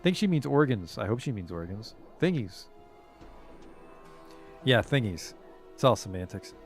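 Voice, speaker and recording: A man's voice: on the low side, big pitch swings, unhurried, faint music behind. A man streaming a video game, reading the on-screen text aloud with casual, swearing commentary.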